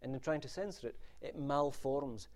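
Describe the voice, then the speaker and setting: A man's voice: medium pitch, normal speed, darkish tone. A man giving a university literature lecture in a wry, discursive manner, with asides and restarts. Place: lecture room.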